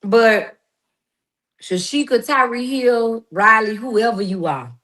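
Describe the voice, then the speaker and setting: A woman's voice: a little high, takes it slowly, bright, forceful tone. Fiery woman calling someone out. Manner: emphatic, confrontational, preachy with slang. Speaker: guest responding to critics. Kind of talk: heated personal monologue.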